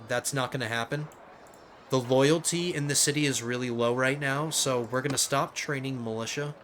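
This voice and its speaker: A man hosting a let's play, giving casual gameplay commentary and getting excitable as he thinks aloud. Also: medium pitch, moderate pace, a little hiss or hum. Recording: game music playing under the voice. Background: game music.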